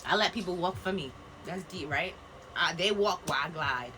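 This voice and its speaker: A woman's voice: on the low side, normal speed, noisy background. A woman giving a casual live-stream card reading, chatty and playful, laughing often and tossing slangy asides to her viewers. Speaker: spiritual card reader. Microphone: phone live video.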